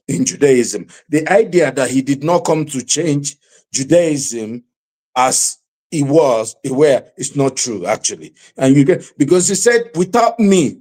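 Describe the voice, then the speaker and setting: A man hosting a panel debate, speaking haltingly with many fillers before arguing firmly. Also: medium pitch. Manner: halting, many fillers, then forceful argument. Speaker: talk show host.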